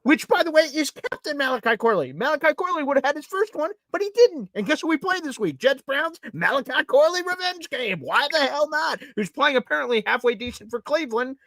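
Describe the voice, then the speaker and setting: A man's voice: very high-pitched, lively intonation, brisk, few pauses, fairly bright tone, no room sound. A man hosting a sports talk show, emphatic and exasperated, often acting out his own reactions.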